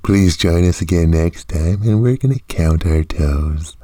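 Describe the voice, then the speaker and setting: An eerie kids' show host, played by a man speaks in an extremely deep, dark, husky voice. He talks to the children very slowly and in a hushed sing-song, and the sound is dry and close. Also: no room sound.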